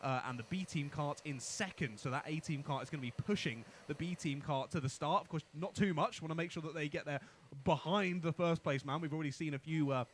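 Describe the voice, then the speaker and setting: A man co-commentates on a kart race in a higher voice, talking fast and chattily. He breaks down driving technique from a trackside commentary box. Faint ambient noise sits behind him. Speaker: karting co-commentator.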